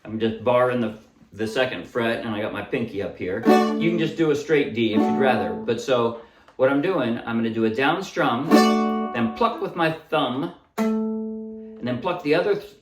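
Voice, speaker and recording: A man's voice: mid-range voice, moderate pace, over loud music. A man casually teaching a ukulele song, explaining chords and strums and singing short bits as he plays. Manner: relaxed, explains while playing, sings short snippets. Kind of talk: casual music tutorial. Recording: roomy echo, voice a bit far from mic, loud ukulele. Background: ukulele playing.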